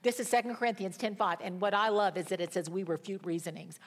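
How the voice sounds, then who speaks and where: A woman's voice: medium pitch, fairly even intonation, fast. A woman preaching a sermon, speaking in emphatic, declarative phrases and mixing in humorous stories.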